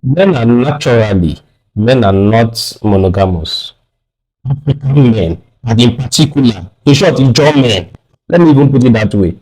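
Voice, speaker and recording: A man's voice: medium pitch, lively intonation, moderate pace, darkish tone. A man with a Nigerian accent, a guest on a radio talk show, arguing his views firmly and repeating words when pressed.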